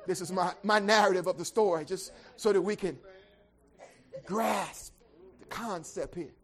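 A preacher retells a scripture story in a vivid, conversational way. The delivery swings from quiet asides to loud, high-pitched shouting. The speaker keeps calling out to the congregation to make sure they are following. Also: normal speed, some chatter behind. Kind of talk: sermon storytelling.

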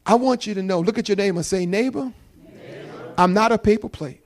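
Man, preacher, New Jersey accent, very high voice, fast-talking, call-and-response sermon, church. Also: low-quality recording. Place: church sanctuary.

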